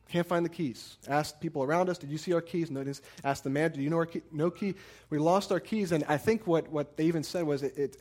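Guy pastor in his 30s giving a sermon, a bit high voice, keeps doubling words. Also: darkish tone. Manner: earnest, repeats words when emphasizing, storytelling asides.

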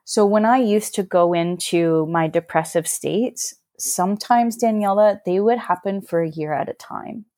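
A woman's voice: mid-range voice, measured pace, few pauses, mellow, no room sound, studio quality. A woman on a podcast, earnestly telling a personal story in a reflective, emotional way. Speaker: podcast guest.

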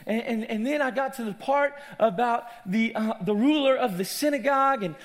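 A man preaching a sermon as a pastor, dramatic, dropping to near-whispers and rising to loud shouts, acting out the people he quotes. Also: very high voice, moderate pace.

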